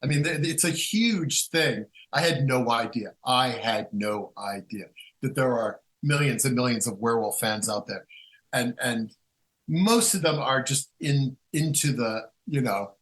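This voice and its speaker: Speaking unhurriedly in a medium pitch, this guest author is captured on a low-quality recording. His talk is casual, rambling storytelling with many restarts, and he brings quotes to life in an animated way.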